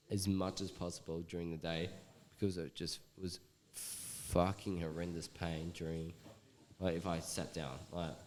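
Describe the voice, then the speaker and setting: A man's voice: sits low, a little mellow. A man telling a story in a casual, rambling way, swearing often and using lots of fillers.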